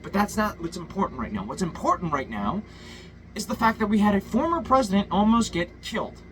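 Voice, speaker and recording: A man's voice: high voice, bright, forceful tone, slight background noise, low-quality recording. A man ranting a political monologue, profane and heated, full of stumbles and restarts. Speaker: political commentator.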